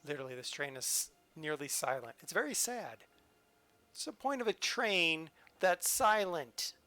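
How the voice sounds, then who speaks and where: A man's voice: a little high, sing-song, unhurried, sharp tone. A man streaming a train simulator live, joking and chatting to the game as he drives. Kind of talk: live-stream gameplay commentary.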